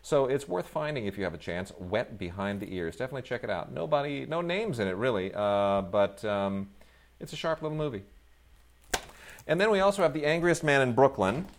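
A middle-aged man reviewing films in casual chat, rambling with many fillers and restarts, breaking into animated outbursts. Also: medium pitch, a little fast. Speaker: film reviewer, co-host.

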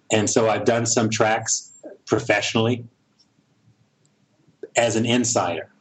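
A middle-aged American man, a director and producer, talks thoughtfully in a casual interview, often pausing and restarting his sentences. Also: on the low side, husky, low-quality recording. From United States. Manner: thoughtful, halting, with frequent restarts.

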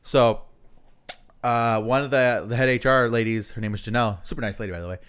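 A man co-hosting a casual podcast, speaking in a smooth, clean voice. He talks in a loose, rambling way, with lots of fillers and swearing as he tells his story. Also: mid-range voice, fairly even intonation, a little fast, a bit bright. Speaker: podcast co-host.

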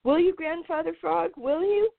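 A woman's voice: extremely high pitch, normal speed, creaky, no echo, pitched above the performer's own voice. A woman voicing a timid, eager little male meadow mouse who speaks politely and breathlessly. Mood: pleading. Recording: tinny phone-like sound.

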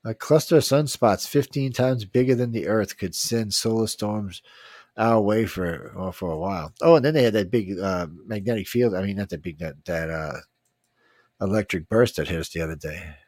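A man's voice: lowish voice, animated, normal speed, darkish tone, no room sound. A man hosting a casual news talk, reading headlines and rambling bluntly with swearing and trailing-off sentences.

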